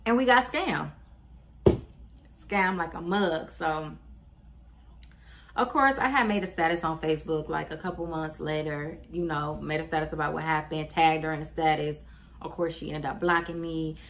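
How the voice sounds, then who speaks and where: A woman in her twenties telling her viewers a story in a casual, animated, profane and slangy way. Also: deep voice, normal speed, a little hiss or hum. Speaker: vlogger.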